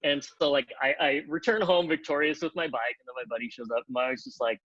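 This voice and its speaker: A man tells a story on a podcast in a fairly high voice, animated and quick to act out the people in it. The sound is dry and a little dull, like a lo-fi recording. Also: dry recording. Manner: animated, acts out quotes in pitched-up voices, many "like" fillers. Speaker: podcast guest, TV comedy writer. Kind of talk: casual storytelling.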